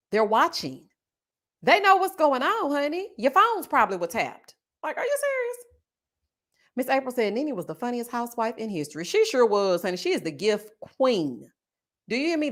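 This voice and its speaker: A woman chats to her viewers in a sassy, animated way, her pitch jumping up and down as she talks. She tosses in honey and child and often breaks into laughter. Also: normal speed. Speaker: YouTube reality TV commentator. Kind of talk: casual live-stream chat reading comments.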